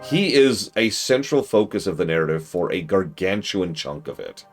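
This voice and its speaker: A man streaming a game, rambling casually with self-corrections and excitable asides. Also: low-pitched, moderate pace. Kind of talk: casual gaming stream commentary. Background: game music.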